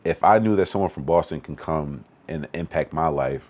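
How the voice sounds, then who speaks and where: A man's voice: very deep voice, a little hiss or hum. A young man from Western Massachusetts, a podcast guest talking casually and animatedly with plenty of slang. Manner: fast, animated storytelling with slang. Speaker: podcast guest, event organizer.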